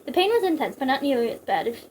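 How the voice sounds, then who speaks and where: A woman's voice: sits high, big pitch swings, quick pace, darkish tone, slight background noise, rough recording. A young woman casually reading a story aloud, breaking off for giggly jokes. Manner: giggly, joking digressions. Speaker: reader.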